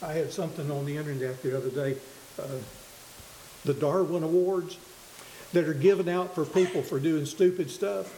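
A man preaching a sermon with a high, mellow voice. He talks earnestly and haltingly, restarting phrases as he goes. The room is echoey, with a faint hiss under the recording.

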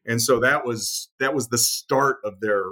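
This guest author's mid-range voice is a little slow, pushed and bright. He talks through military history in a relaxed interview, stumbling over many fillers and restarts while acting out quotes as he tells stories.

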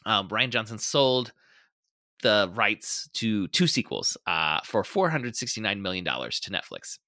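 A man's voice: lowish voice, big pitch swings, measured pace, bright, forceful tone, no echo, clean studio sound. A man hosting a casual film discussion podcast, chatty and full of trivia, with plenty of fillers. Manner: chatty, sharing trivia with frequent fillers and laughs. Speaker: podcast host.

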